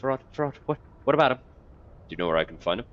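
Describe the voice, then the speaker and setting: A man's voice: mid-range voice, big pitch swings, quick pace, pitched above the performer's own voice, natural voice. A man voicing a nervous, scrawny old male corpse gatherer in a game who mutters in broken, repetitive speech, on a dull lo-fi recording. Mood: twitchy. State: coughing fits.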